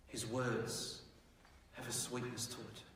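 A man's voice: medium pitch, slow, far from the mic. Man preaching in an echoey hall. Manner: dramatic retelling, shifts from hushed to loud and animated. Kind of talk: storytelling sermon. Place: mosque prayer hall. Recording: echoey hall, mic from afar.

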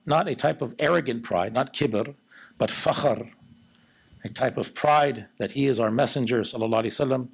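A man giving an Islamic lecture in a low monotone, then taking audience questions. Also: creaky, breathy edge, rough recording. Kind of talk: religious lecture with Q&A.

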